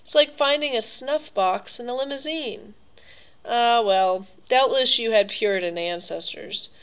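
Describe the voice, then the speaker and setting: A woman's voice: fairly high pitch, measured pace, smooth, poor audio. A woman reading an audiobook, voicing a suave, cruel older male aristocrat with an urbane, mocking manner. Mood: smooth, mocking. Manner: urbane, mocking, coolly pleased.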